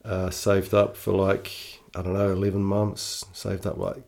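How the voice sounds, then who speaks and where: Middle-aged New Zealand man, casual storyteller, laid-back slang, lowish voice. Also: flat delivery, measured pace, vocal fry, a little mellow. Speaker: interview guest.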